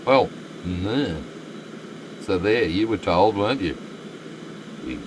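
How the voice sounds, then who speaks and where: A man's voice: lowish voice, expressive, slow pace, long pauses, background noise. An Australian man live-streaming a game, chatting with viewers and muttering asides to the game. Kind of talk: live stream commentary, reading chat.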